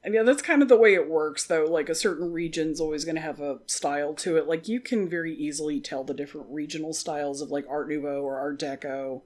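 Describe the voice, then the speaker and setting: A woman co-hosting a podcast, talking quickly and jokingly with lively asides. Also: deep voice. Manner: quick, animated talker with jokey asides. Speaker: podcast co-host. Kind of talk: casual chat.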